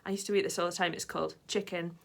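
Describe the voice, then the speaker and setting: A woman's voice: fairly low pitch, level tone, rapid-fire, vocal fry. A woman vlogging in a casual, rambling way, full of fillers and side tangents. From Britain. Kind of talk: casual chat to camera.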